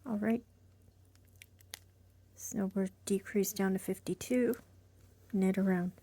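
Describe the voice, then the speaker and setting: A woman giving a casual knitting tutorial, soft-spoken and slightly short of breath, often dropping into a half-whisper. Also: mid-range voice, fairly even intonation, slow. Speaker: knitting instructor.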